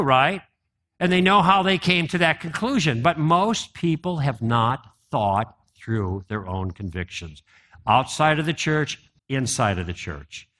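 A man's voice: a little high, pushed and bright. A man giving a conversational apologetics talk to a live audience, often asking them questions. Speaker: apologetics speaker.

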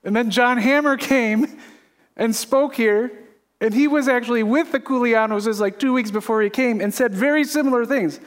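A middle-aged pastor preaching a confessional sermon from a church stage. His voice sits high for a man, and he talks in an earnest, emphatic way. Long reverb fills the sanctuary around him. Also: moderate pace. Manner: earnest, emphatic, laughs at himself. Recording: echoey hall reverb.

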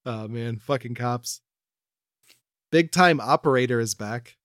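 A man's voice: medium pitch, a bit bright, dry recording, clean studio sound. A man co-hosting a podcast, chatting loosely about a TV show, laughing often and swearing. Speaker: podcast co-host. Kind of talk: casual chat recapping a TV episode.

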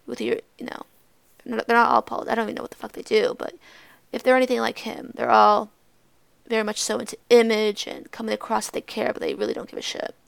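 A woman's voice: on the high side, creaky, no echo. A young woman hosting a podcast, telling a story in a blunt, profane, rambling way. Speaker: podcast host. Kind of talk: casual storytelling monologue.

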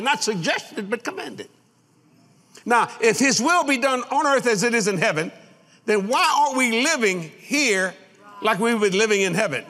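Folksy preacher guy, high sharp voice, big echoey church hall. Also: lively intonation, normal speed. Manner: folksy and boastful, laughing at his own lines. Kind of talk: sermon. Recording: long hall reverb.

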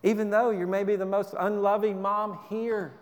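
High-ish guy pastor, earnest sermon, repeats himself, echoey church. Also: flat delivery, normal speed. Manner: earnest, repeats words, drops to a soft low voice for emphasis.

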